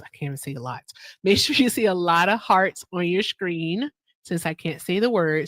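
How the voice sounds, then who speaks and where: A woman hosts a casual live stream, talking straight to her viewers in a slightly low voice. She jokes around and laughs often. The sound is dry and close, with no room echo. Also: expressive, moderate pace, a bit bright. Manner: joking, laughs often, talks to chat. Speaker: livestream host.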